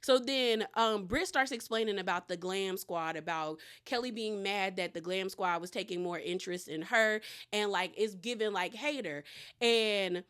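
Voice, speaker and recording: A woman's voice: mid-range voice, moderate pace, a bit bright, clean tone. Brief: woman, reality TV recap host, casual and slangy, mid-range voice, storytelling flow. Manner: chatty, slangy, retells scenes with quoted lines.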